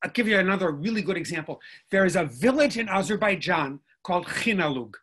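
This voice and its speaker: A man's voice: sits high, expressive, a little fast, fairly bright tone, husky. An older man, a linguistics professor, lecturing in a professorial, step-by-step way over a video call and checking in with listeners as he explains. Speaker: linguistics professor, guest speaker. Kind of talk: lecturing in a virtual conversation.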